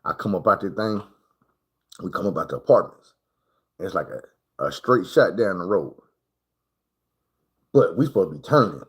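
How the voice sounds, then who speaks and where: Husky-voiced man telling a lively story. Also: mid-range voice. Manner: animated, swearing, slangy anecdote telling. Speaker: livestreamer. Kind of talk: casual storytelling on a livestream.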